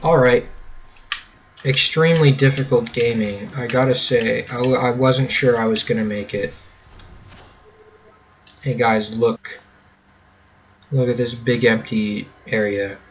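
A man's voice: medium pitch, steady tone, a little slow, long pauses, dull audio, slight background noise. A young man giving casual, jokey gameplay commentary with sarcastic running gags. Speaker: let's play host.

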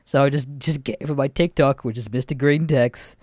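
A man's voice: mid-range voice, moderate pace, dry recording. Young man telling stories casually, dry sound. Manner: swears a lot, animated retelling with laughs. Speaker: podcast host. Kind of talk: casual storytelling chat.

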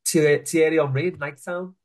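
A man's voice: fairly high pitch, steady tone, normal speed. A man hosting a casual football fan podcast, chatty and passing the floor to his co-hosts. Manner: chatty, hands the floor to the others. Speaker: podcast host. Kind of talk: casual chat.

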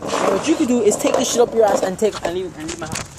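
A man's voice: high voice, expressive, racing, heavy background noise. A teenage boy in a heated, swearing argument, angrily pleading with a friend to get something off his property. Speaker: prank target.

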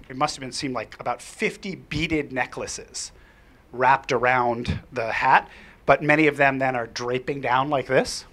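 A man presenting a workshop, telling an anecdote to an audience in an animated way with frequent fillers and restarts. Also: mid-range voice. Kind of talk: storytelling lecture to an audience.

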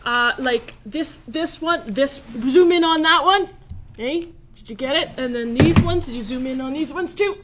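A woman's voice: high-pitched, moderate pace, natural voice. A woman playing a dopey Canadian hoser brother, speaking with a Canadian accent and rambling hesitantly. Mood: goofy. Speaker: library staff. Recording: noisy amateur recording.

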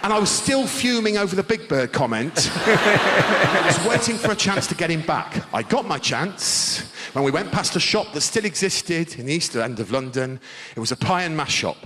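A man performing a live stand-up set on a large theatre stage into a stage mic, telling stories in a loud, exclamatory way. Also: fairly high pitch, expressive, moderate pace. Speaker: stand-up comedian. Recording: live theatre crowd and noise.

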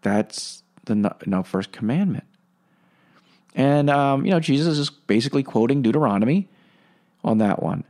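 A man's voice: expressive, moderate pace, dark tone. A man hosting a Catholic podcast, talking in a rambling, casual way with many fillers and reflecting on faith. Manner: rambling, many fillers, swings pitch up for emphasis. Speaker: podcast host and Catholic teacher. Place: Franciscan lay member.

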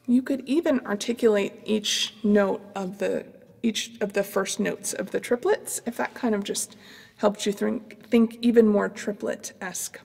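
Middle-aged lady teaching clarinet practice, calm and explaining, bit of gravel, long hall reverb. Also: medium pitch, a little slow. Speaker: clarinet professor. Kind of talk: instructional demonstration talk.

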